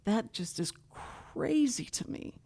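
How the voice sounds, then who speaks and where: A woman's voice: a little high, unhurried. Chatty older woman host. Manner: rambling, animated storytelling with asides. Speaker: talk show host. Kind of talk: casual chat.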